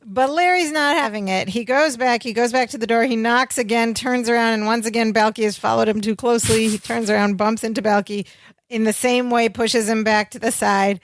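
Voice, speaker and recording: A woman's voice: fairly high pitch, fairly even intonation, a little fast, no echo. A woman co-hosting a podcast, casually retelling a sitcom episode scene by scene and laughing often. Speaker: podcast co-host.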